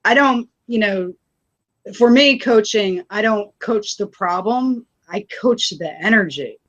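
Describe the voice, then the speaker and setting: Woman, energy coach, tired, rambling casual talk, mid pitch, video-call sound. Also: animated, takes it slowly, a bit bright, dull audio. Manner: rambling, lots of fillers and restarts. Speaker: intuitive energy coach, co-host. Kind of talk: casual webinar chat. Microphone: video call mic.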